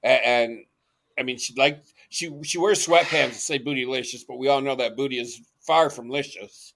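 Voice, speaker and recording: A man's voice: medium pitch, steady tone, moderate pace, a bit bright. A man co-hosting a commentary show, mocking and crude in a sarcastic way. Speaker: co-host reacting to clips. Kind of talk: casual commentary.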